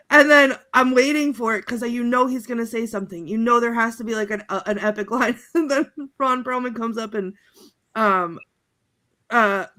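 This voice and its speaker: A woman's voice: a little high, bright, forceful tone. A woman on a podcast panel, chatting casually over a video call and recapping movie quotes in a rambling, giggly way, full of fillers and restarts.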